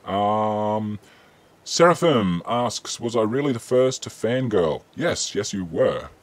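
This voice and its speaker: A man's voice: fairly low pitch, expressive, slow. An Australian man hosting a casual live-stream Q&A, chatting easily and reading viewer questions aloud with frequent ums.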